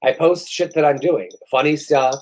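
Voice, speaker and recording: A man's voice: fairly high pitch, normal speed, low-quality recording. Middle aged guy cohosting, swears a lot, exasperated rants, kinda wiped out. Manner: profane, ranting, exasperated storytelling. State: worn out after a vaccine shot. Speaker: podcast co-host. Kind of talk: casual chat.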